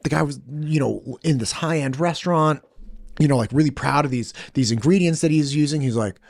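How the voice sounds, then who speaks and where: A man's voice: a little high, vocal fry, no room sound. Chatty man with a dry studio sound. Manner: retells a film scene with quick acted quotes. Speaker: podcast host. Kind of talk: casual chat, animated storytelling.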